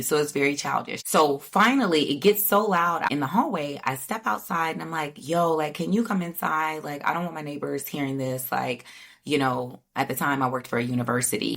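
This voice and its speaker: Low-voiced woman telling a candid story. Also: creaky. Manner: candid, animated retelling with mock-quoted voices. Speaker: podcast host. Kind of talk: casual storytelling monologue.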